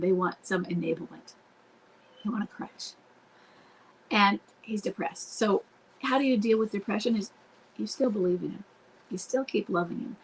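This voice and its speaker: Her voice medium in pitch, the marriage coach fields viewer questions during a live online Q&A from home, earnest and direct, occasionally acting out what to say to a partner. Poor audio and slight background noise mark the recording.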